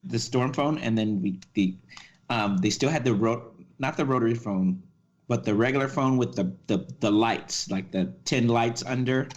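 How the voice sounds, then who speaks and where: A man who is a police officer and podcast guest, recalling details in a halting way during casual chat. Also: medium pitch. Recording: dull, lo-fi audio.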